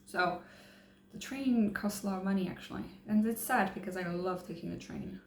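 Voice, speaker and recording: A woman's voice: medium pitch, moderate pace. A woman chatting casually to camera, hesitant, with many fillers and restarts. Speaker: travel vlogger. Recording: roomy echo, faint hum.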